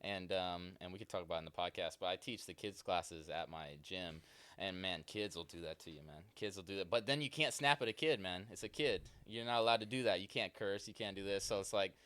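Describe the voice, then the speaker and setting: A man's voice: low voice, brisk, fairly bright tone, clean tone, no echo. A nineteen-year-old man talking casually as a podcast guest, rambling with lots of fillers. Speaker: podcast guest, martial arts coach. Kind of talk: casual conversation.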